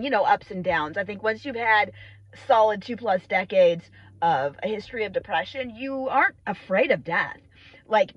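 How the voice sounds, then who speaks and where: High-voiced, sweary rambling woman vlogger. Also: fairly bright tone, no echo, dull audio. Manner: chatty, sweary, self-mocking, hyper tangents. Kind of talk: rambling comedic vlog monologue. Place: in and around a car. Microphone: phone held at arm's length.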